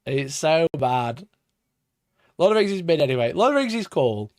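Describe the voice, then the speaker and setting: A man's voice: high voice, big pitch swings, racing, dry recording, clean studio sound. A man from Sheffield with a Yorkshire accent, chatting casually on a live stream, swearing and laughing often as he rants. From Sheffield, Yorkshire, England. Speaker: wargaming streamer.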